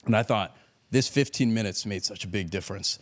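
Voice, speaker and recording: A guest on an interview podcast, this man from Miami tells a story animatedly, laughing often and acting out quotes. He speaks fairly quickly in a fairly low voice.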